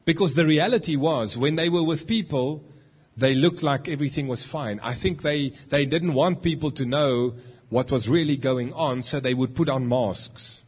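Joking preacher, husky voice. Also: male voice, medium pitch, moderate pace, dull audio. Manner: joking, teasing the congregation. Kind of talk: lively sermon with audience demonstration. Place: church hall.

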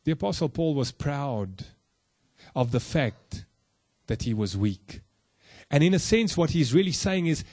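A man preaching a sermon in an earnest, direct way, putting questions to his listeners and slowing to stress key words. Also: expressive, dry recording. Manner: slow emphatic phrasing with soft low drops. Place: room with a congregation.

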